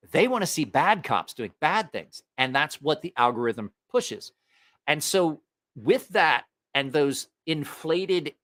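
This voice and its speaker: A man on an angry, cursing rant, his voice swinging widely in pitch. It sits a little high and comes out bright and forceful as he vents his opinions straight to the camera. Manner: angry, profane ranting. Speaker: knife channel host.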